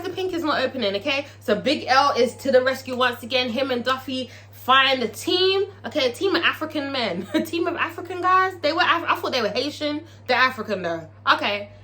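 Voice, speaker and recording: A woman giving a casual, profane, animated recap of a TV episode and laughing often. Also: a little high. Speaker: TV episode reviewer.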